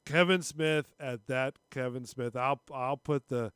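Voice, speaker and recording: A man co-hosting a casual podcast chat, ranting with lots of swearing and frequent throat clearing. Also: mid-range voice, level tone, measured pace, no echo, clean studio sound. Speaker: podcast co-host.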